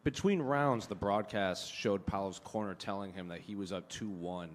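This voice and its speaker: Very deep-voiced male reporter. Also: moderate pace, slight background noise.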